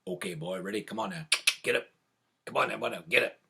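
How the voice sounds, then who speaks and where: A storyteller putting on the voice of Jack, an easygoing grown man who tinkers with wild schemes, speaking low and drawling. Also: quick pace, vocal fry, sharp tone, breathy edge, full character voice. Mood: coaxing.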